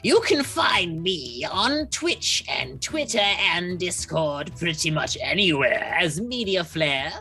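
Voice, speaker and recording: Upbeat woman with a bright, lowish voice. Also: very animated, takes it slowly, few pauses, soft background music. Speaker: voice actor and streamer. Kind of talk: self-introduction on a live stream.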